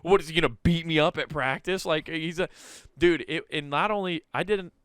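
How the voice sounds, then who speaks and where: Bright, clear-voiced man telling stories. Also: on the high side, brisk, no room sound. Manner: animated, swears freely, laughs through his stories. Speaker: podcast co-host. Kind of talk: casual storytelling chat.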